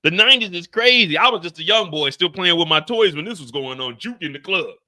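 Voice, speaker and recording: A man recapping a TV episode in animated reaction commentary, loud, profane and joking. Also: a little high, brisk.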